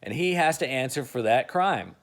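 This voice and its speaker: A man's voice: medium pitch, lively intonation, moderate pace, a bit bright. A man voicing a brash, cocky rich playboy with a smug, teasing manner. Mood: lecturing.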